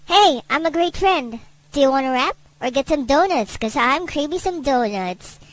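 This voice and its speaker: Cocky teen-boy game hero, voiced by a woman: high, chirpy, goofy fan-dub read. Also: animated, normal speed, poor audio. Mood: playful. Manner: chirpy, goofy, playful line reading. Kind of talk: fan voiceover reading lines.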